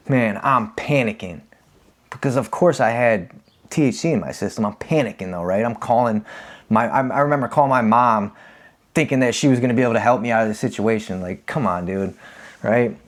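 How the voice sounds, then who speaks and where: Male host, 30s, confessional storytelling, candid and conversational, mid-pitched voice. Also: moderate pace. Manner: candid, animated when acting out quotes. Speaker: podcast host.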